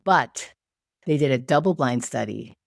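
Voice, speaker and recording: Podcast guest: woman from the Philippines, low voice, dry close sound, animated storyteller. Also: a little slow, vocal fry, no room sound. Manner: lively storyteller who acts out quoted voices. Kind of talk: casual storytelling chat.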